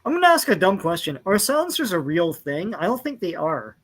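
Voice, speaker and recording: High-voiced curious man. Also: big pitch swings, a little fast, a bit bright, slightly rough. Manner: curious, asks questions. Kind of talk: casual comic book discussion.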